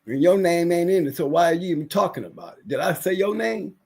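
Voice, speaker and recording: High-voiced man ranting on a livestream. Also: expressive, quick pace, vocal fry, darkish tone. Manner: ranting, repetitive, emphatic. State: recovering from illness. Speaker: livestream guest. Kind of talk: casual livestream rant.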